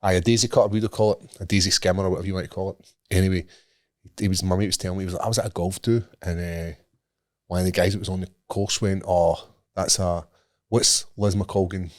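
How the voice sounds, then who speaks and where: A man's voice: low-pitched, steady tone, fast. A man co-hosting a podcast, swearing and laughing as he tells a story in casual chat. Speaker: podcast co-host.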